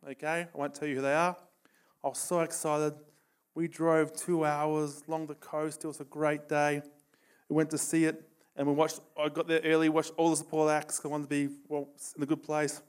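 A man delivering a sermon in a voice a little higher than most men's. He tells stories and drives his points home with sudden bursts of emphasis. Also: clean tone. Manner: storytelling, animated, with bursts of emphasis. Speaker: preacher.

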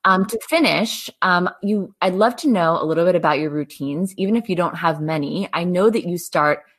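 A woman's voice: fairly low pitch, normal speed, slightly rough. A woman hosting a podcast, asking interview questions encouragingly with some hesitant fillers. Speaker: podcast host.

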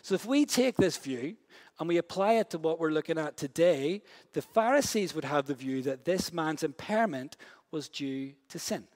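A man preaching a sermon in a casual, slangy way, swinging between loud, quick bursts and hushed, slow stretches. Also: a little high. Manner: lively storytelling, big swings from loud and fast to hushed and slow; casual, slangy delivery with many "like" and "yo" asides.

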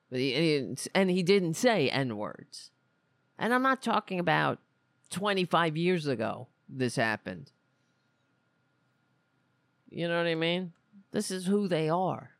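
Blunt, rambling podcast host with a gravelly voice. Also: medium pitch, expressive, measured pace, long pauses, a bit bright, no echo. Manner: blunt, rambling, with many restarts. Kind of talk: casual political commentary. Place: lives in Queens, New York.

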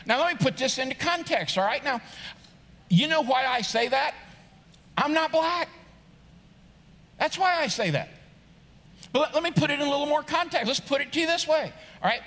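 This middle-aged preacher's voice is very high-pitched, sharp and expressive, moving at a moderate pace with frequent pauses. Joking and conversational, he builds to emphatic rising points, his words echoing through the long reverb of a large church sanctuary.

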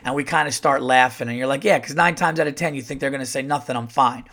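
A man's voice: mid-range voice, fast talker, gravelly. A middle-aged man, a comedian hosting his podcast, telling a casual story and acting out the dialogue. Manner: animated, acts out quoted dialogue.

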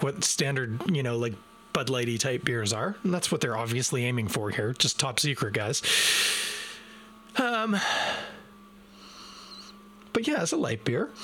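A man's voice: mid-range voice, a bit bright, slight background noise. A man reviewing a beer live from his desk in a casual, self-deprecating way, talking straight to his viewers. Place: home desk. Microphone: desk microphone.

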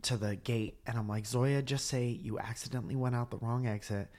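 Man, mid pitch, teasing playful co-host, casual banter. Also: fairly even intonation, a little fast, a little mellow. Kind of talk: casual chat.

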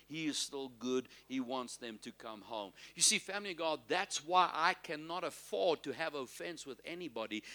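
A man preaching a sermon as pastor, calling out to the congregation and drawing out key phrases slowly, swinging from loud to soft. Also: a little high. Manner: preaching with call-and-response to the congregation.

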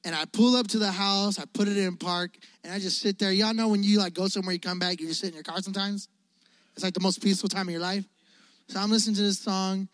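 A man's voice: sits high, fast, no room sound. Male youth pastor, chatty storytelling sermon, dry sound. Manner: casual, energetic, asks the audience questions.

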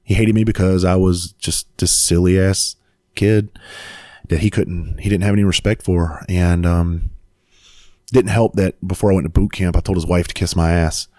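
A man telling a personal story in casual conversation, animated and profane. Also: low-pitched, moderate pace, no room sound, clean studio sound.

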